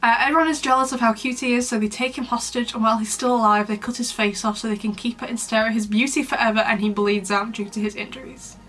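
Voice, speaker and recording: A woman's voice: fairly high pitch, fairly even intonation, quick pace, hardly any pauses, fairly bright tone. A young woman hosting a casual commentary vlog, chatty and dramatic with a playfully mean streak. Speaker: YouTuber, host.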